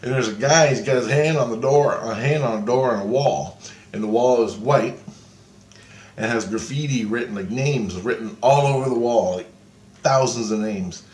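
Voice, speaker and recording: A man's voice: medium pitch, normal speed, a little mellow. A man casually telling a dream story in a rambling, profane way. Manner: profane, rambling, acts out quotes. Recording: echoey room with faint background noise.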